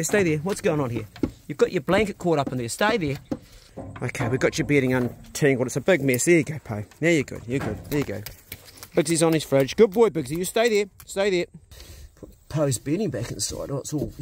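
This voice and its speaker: New man, farm vlogger, blunt and earthy, fairly high pitch, outdoors on a phone. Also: lively intonation, brisk, slight background noise. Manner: earthy, blunt, swears freely. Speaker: farmer vlogger. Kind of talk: casual walk-and-talk vlog. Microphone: phone camera.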